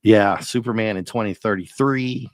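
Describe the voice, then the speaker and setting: A man hosting a live stream, chatting and ranting casually with viewers, his voice a little rough and often breaking into laughs. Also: lowish voice, moderate pace, no room sound. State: slightly rough voice. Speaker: livestream host.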